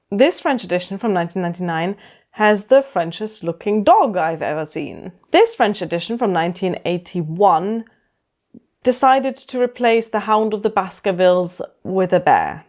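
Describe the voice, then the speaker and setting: A woman's voice: mid-range voice, darkish tone. A woman book vlogger giving casual review commentary with a wry, dry humour, recorded on a camera-mounted mic. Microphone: camera-mounted shotgun mic.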